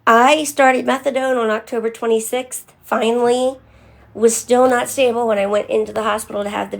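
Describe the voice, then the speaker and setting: A woman's voice: medium pitch, gravelly. A young woman talking candidly on a live stream, answering viewers by name in casual chat.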